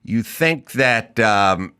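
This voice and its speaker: A man's voice: on the low side, drawn-out words, smooth. A middle-aged man hosting a talk show, telling stories casually and acting out quotes in mocking voices. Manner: animated storyteller who acts out quotes in mocking voices. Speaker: podcast host. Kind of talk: casual interview chat.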